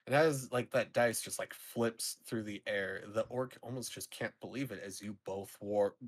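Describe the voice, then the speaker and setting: Male game master, low voice, loose rambling narration, tabletop game. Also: moderate pace. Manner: loose, filler-heavy narration.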